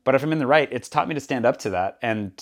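A man talks at a quick clip as he hosts a relaxed podcast conversation. He tells his stories with energy and slips into the voices of the people he describes. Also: mid-range voice. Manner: animated storyteller, acts out quoted people. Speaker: podcast host. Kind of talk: casual chat. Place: Paris.

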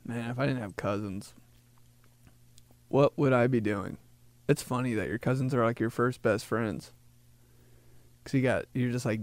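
A man hosting a podcast, joking through a rambling casual monologue and slipping into quick voices for people. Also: medium pitch, no room sound. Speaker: podcast host.

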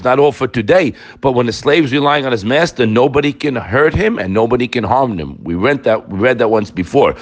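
Animated man giving an emphatic Torah class. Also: mid-range voice. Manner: animated and emphatic, addressing listeners directly.

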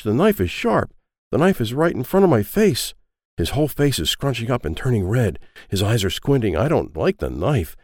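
This is a timid little boy of seven, telling his own story in short, literal sentences, as a man voices him. The delivery swings widely in pitch, and the recording is dry and close. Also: a little mellow, no room sound, exaggerated voice. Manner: short plain sentences, childlike wonder. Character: small timid seven-year-old boy, literal-minded. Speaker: audiobook reader. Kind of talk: first-person storybook reading.

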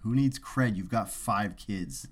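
A man's voice: lowish voice, slow, breathy edge. A man co-hosting a casual podcast, telling joking, rambling stories and swearing freely. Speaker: podcast co-host.

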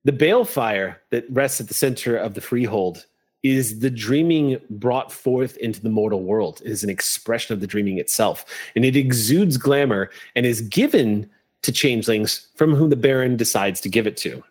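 A man narrating a tabletop role-playing game as game master, describing scenes in an unhurried way with the odd curse. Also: medium pitch, darkish tone, slightly rough.

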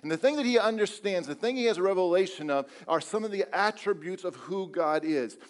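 A man preaching a sermon in a slightly high voice. He keeps it conversational and leans on rhetorical questions. He stretches out the words he wants to stress, then picks the pace back up. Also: expressive, fairly quick. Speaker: pastor.

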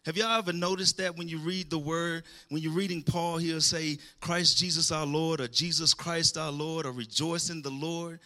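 A man's voice: a little high, fairly even intonation, moderate pace, hardly any pauses, sharp tone. A man preaching a sermon, calling out to the congregation and rising into emphatic bursts.

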